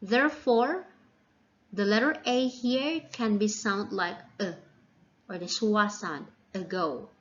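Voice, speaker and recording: A woman teaching a phonics lesson, drawing out each example word slowly and carefully. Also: medium pitch, slight background noise. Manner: slow and deliberate, drawing out example words. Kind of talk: slow classroom phonics lesson. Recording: dull lo-fi recording.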